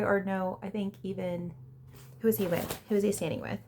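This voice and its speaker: A woman's voice: mid-range voice, fairly even intonation, moderate pace, gravelly, dark tone, a little hiss or hum. A woman casually recapping a reality TV episode, gossiping and acting out what the contestants said. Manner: chatty, gossipy, acts out quotes with laughs. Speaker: reality TV reviewer.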